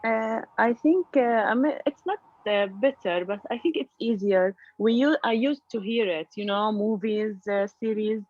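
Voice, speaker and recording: A woman's voice: on the high side, normal speed, hardly any pauses, a little mellow. Hesitant woman student on a dull call. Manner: hesitant, searching for words, laughs. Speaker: student in an online class. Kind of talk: casual class debate. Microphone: video call.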